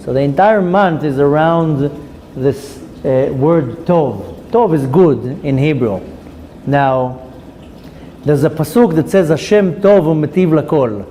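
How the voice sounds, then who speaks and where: A man teaching a Torah class, a lively storyteller who acts out the characters in his stories. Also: a little high, takes it slowly, a little hiss or hum, rough recording. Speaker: rabbi.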